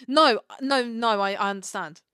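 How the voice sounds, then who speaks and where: Excitable woman co-host, gushing chat, dry close sound. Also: fairly high pitch, moderate pace, clear, resonant tone, no room sound. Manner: gushing, excitable, acts out quotes. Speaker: podcast co-host. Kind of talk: casual chat.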